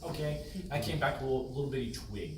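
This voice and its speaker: A man on a panel telling a comic childhood story, lively and laughing, acting out the voices he quotes. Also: medium pitch, quick pace. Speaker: panel guest. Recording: echoey hall from far off, loud crowd.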